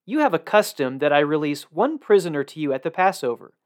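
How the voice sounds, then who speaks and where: A man's voice: a little high, sing-song, brisk. A man reading as a stern Roman governor.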